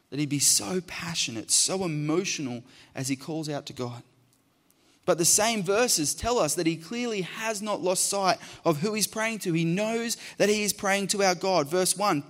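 A man's voice: high-pitched, a bit bright, big-room sound. A man preaching a sermon, building to passionate emphasis and repeating phrases.

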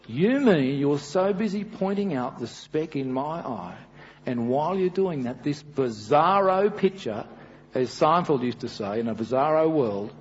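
Middle-aged Australian preacher, lively and animated delivery, slightly high voice, dull recording in a reverberant hall. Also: male voice. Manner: animated, storytelling with acted quotes. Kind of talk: sermon. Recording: dull with long reverb, faint hiss.

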